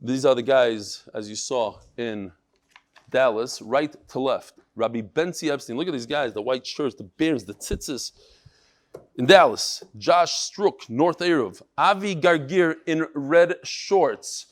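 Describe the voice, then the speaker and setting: A man teaching a daily Talmud class, talking in an animated, exclaiming way. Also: mid-range voice, a little slow. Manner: animated, exclaiming, mixes Yiddish and Hebrew words. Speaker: daf yomi teacher. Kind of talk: lively Torah class talk.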